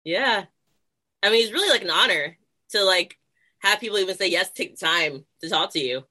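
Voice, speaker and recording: A woman's voice: medium pitch, animated, fairly quick, pushed and bright. A woman guest on a podcast, talking in an eager, chatty way about her own show. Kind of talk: casual podcast chat.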